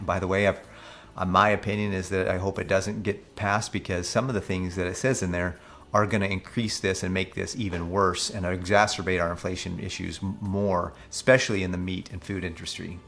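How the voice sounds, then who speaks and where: Give me a lowish male voice, skeptical and chatty. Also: a bit bright. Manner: skeptical, conversational, reads figures aloud; mocking when quoting officials. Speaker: financial coach. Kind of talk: casual commentary on news articles.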